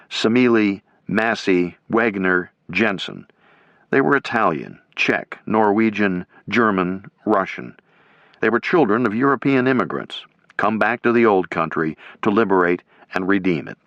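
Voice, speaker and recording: A man reading a military history audiobook in steady, measured scripted narration. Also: on the low side, no room sound. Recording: dull lo-fi.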